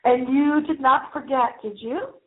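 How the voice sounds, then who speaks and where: Campy lady radio host teasing her listeners, swoopy drawn-out words, sounds like a phone call. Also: high-pitched, background noise. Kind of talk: call-in radio show monologue. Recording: tinny phone-line sound.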